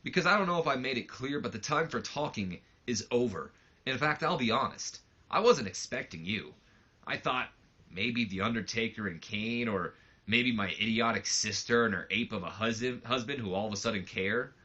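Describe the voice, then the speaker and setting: A man's voice: medium pitch, lively intonation, normal speed, bright, forceful tone, highs cut off. A man reading out the lines of a brash, cocky young male wrestling promoter in a sneering, boastful promo voice.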